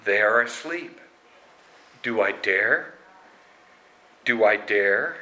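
A man doing a desperate poor mother, hushed. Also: fairly low pitch, expressive, very slow, heavily acted. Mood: tempted. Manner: hushed, wondering and pleading.

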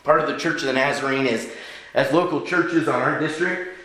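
A man's voice: brisk, fairly bright tone. A man preaching a sermon to his church, acting out characters in a raised voice and joking with the congregation. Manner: acts out characters with raised pitch, jokes with the congregation. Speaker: pastor. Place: church sanctuary.

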